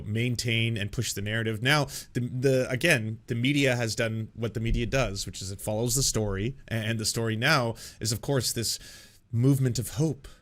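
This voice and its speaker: A man's voice: fairly low pitch, fairly bright tone. A man hosting political commentary, reacting to played clips with sarcasm, laughter and profane asides.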